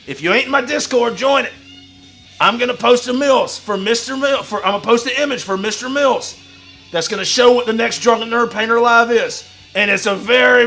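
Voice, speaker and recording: A man with a strikingly high, gravelly voice holds forth like a wrestling promo on his own livestream. He is boastful and foul-mouthed, and he breaks into shouts. His tone is bright and forceful. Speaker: livestream host in a wrestler persona. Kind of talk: brash wrestling promo talk.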